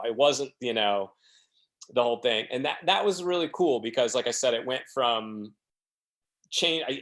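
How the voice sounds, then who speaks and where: Acting out what others said, a man guesting on a podcast tells self-deprecating, rambling stories in a casual way. His voice sits in the mid range with a fairly bright tone.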